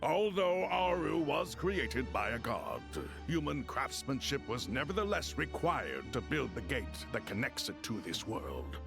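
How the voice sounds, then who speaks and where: Game retainer spirit, gravelly, formal, swooping delivery, music playing behind. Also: male voice, mid-range voice, sing-song, a little slow. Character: solemn ancient male retainer spirit, once imprisoned. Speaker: game character, a former retainer. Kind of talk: video game voice acting.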